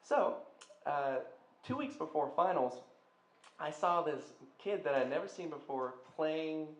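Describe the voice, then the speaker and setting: Young man telling an animated story, roomy echo. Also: on the high side, a little slow. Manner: animated, acts out the other people's lines. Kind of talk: personal story told to a listener. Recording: roomy echo, faint background noise.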